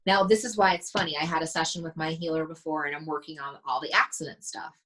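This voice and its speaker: This woman, a mindset coach on a relaxed podcast, speaks fast in a low, fairly bright voice with fairly even intonation. She tells stories animatedly and performs the dialogue she quotes, though the recording quality is low.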